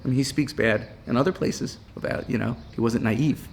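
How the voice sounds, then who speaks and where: A man's voice: medium pitch, normal speed, vocal fry. Casual man teaching a Torah class. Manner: casual, peppered with "right?" and "you know"; reads Hebrew text aloud, then explains it in English.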